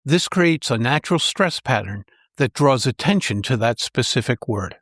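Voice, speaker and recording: Man teaching with deliberate word stress. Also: mid-range voice, lively intonation, fairly bright tone, dry recording, studio quality. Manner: clear, measured delivery with deliberate stress on key words. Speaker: public speaking trainer. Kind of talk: scripted podcast lesson.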